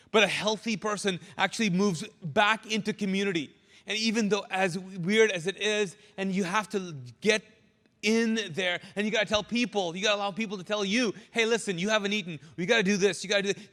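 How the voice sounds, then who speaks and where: A man preaching a sermon as pastor, animated and drawing answers out of his congregation. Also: high-pitched, in a large hall. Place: church sanctuary.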